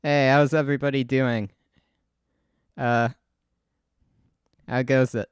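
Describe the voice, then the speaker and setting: A man's voice: mid-range voice, little pitch movement, takes it slowly, clear, resonant tone, no echo. Young guy rambling on his stream, giggles a lot, lots of uh and like, dry close mic. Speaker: livestreamer. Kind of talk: casual stream commentary. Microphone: desk mic, untested.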